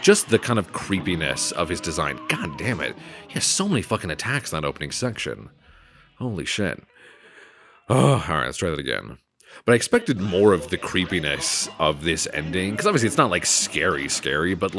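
A man's voice: low voice, fairly bright tone. A man giving casual gameplay commentary, swearing often and joking at his own expense. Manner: swearing, self-mocking jokes. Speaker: let's play commentator.

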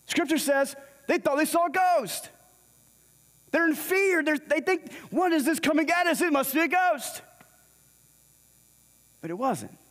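A man preaching a sermon in a church, telling a scripture story and acting out the characters' lines. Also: very high voice. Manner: storytelling, acts out the dialogue in scripture. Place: church sanctuary. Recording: long hall reverb.

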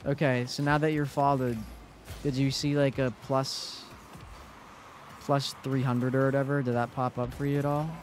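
A man's voice: medium pitch, little pitch movement, moderate pace. A young man in his twenties chatting to his live-stream chat while he plays. His voice sits in the middle of the male range, with a faint noise behind it. He talks loosely and swears freely.

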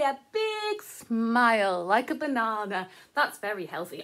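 A woman teacher leads a children's lesson in a high, breathy voice that rises and falls in big playful sweeps. She talks slowly and spells out each word for little listeners. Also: sing-song, fairly bright tone. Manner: playful, sing-song, exaggerated for kids.

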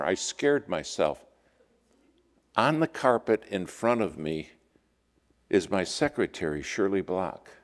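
A man preaching a sermon in a church, telling stories and acting out the quotes with lively shifts of voice. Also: lowish voice. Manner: storytelling with lively acted-out quotes. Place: church sanctuary. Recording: long hall reverb.

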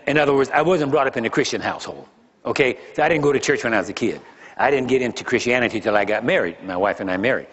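A man's voice: medium pitch, a bit bright. An older man preaching as a pastor, talking conversationally and throwing rhetorical questions at the congregation. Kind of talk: sermon. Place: large church hall. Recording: dull lo-fi sermon recording with long hall reverb.

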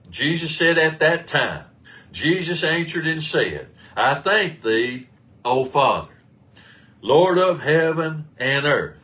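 Animated preacher man. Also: on the high side. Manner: rhetorical questions answered in quick succession. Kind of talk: sermon.

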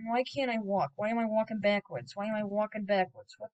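Woman gamer narrating her game, rambly, keeps bursting out with loud yells, middle pitch. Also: moderate pace, low-quality recording. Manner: rambling and excitable, with sudden loud exclamations. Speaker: gaming video creator. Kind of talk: casual gameplay commentary.

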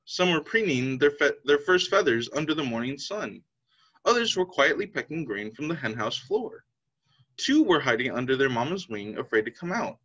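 A man's voice: a little high, very animated, normal speed, fairly bright tone. A man teacher reading a children's picture book aloud, telling the story expressively. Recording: slightly dull lo-fi sound.

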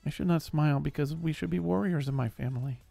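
A man doing a gravelly, childlike barbarian warrior. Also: fairly high pitch, quick pace, dark tone, dry recording, soft background music, voice pushed down. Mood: earnest. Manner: speaks without contractions, childlike and earnest. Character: simple-minded gentle male barbarian warrior. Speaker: streamer. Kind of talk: roleplay in a survival game.

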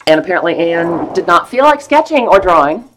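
A woman's voice: fairly low pitch, very animated, fairly quick, slight background noise. A woman hosting a live stream sale of vintage books, chatting playfully and gushing over each one. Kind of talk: casual live sale chat.

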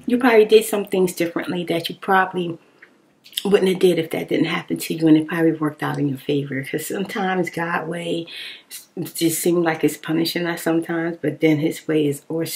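A woman rambling casually to her viewers in an informal, animated way. She talks expressively and laughs often. Now and then her voice drops into a soft whisper. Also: fairly low pitch. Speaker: ASMR vlogger. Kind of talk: casual rambling chat reading viewer comments.

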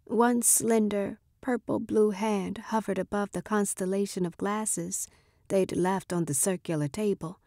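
A woman narrating a short story in a measured, expressive reading. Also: medium pitch, no room sound, clean studio sound.

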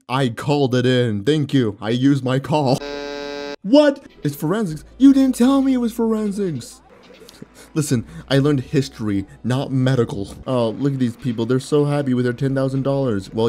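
A man's voice: medium pitch, normal speed, mellow. Joking young man playing a game. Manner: playful, joking, laughs often, reads game text aloud. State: sore mouth. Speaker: gaming YouTuber. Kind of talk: let's play commentary.

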